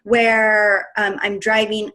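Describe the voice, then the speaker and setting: A woman in her thirties shares her own story on a webinar in an earnest, emotional way. Her voice sits in a middle pitch. She talks through a computer mic like a fitness coach addressing her team. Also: little pitch movement, takes it slowly, pushed and bright, low-quality recording. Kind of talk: personal story in a webinar talk.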